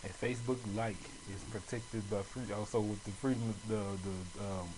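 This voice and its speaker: A man's voice: lowish voice, steady tone, normal speed, background noise. A man with a Southern US accent co-hosting a casual podcast, easygoing, often chiming in with short agreements. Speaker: podcast co-host.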